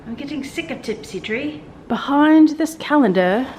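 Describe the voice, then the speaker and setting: A woman's voice: sits high, lively intonation, normal speed, few pauses, darkish tone, a little hiss or hum. A woman vlogging casually at home, chatting to the camera and cooing at her pets in a sing-song voice. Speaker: lifestyle vlogger. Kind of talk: casual home vlog chat.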